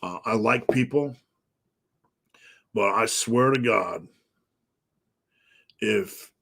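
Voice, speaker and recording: A man's voice: lowish voice, drawn-out words, creaky, a bit bright, husky. A man, a fitness coach answering live viewer questions, talking bluntly and profanely in an emphatic rant.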